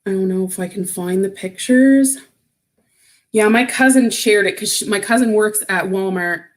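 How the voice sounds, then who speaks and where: A woman's voice: mid-range voice, normal speed. A woman chatting casually on a livestream, reading out and answering viewer comments, getting emotional and close to tears. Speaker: vlogger.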